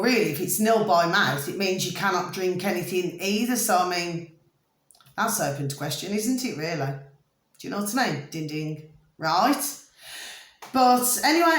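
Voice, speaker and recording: A woman's voice: mid-range voice, a bit bright. A woman talking casually to camera, chatty and always checking that the listener follows her. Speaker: vlogger. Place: room at home. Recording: echoey room.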